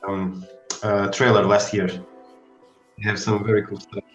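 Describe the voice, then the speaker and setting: A man chatting as a guest on a drawing stream while he draws, laid-back and unhurried. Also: fairly low pitch, flat delivery, faint music behind. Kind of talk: casual chat while drawing. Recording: roomy echoey mic.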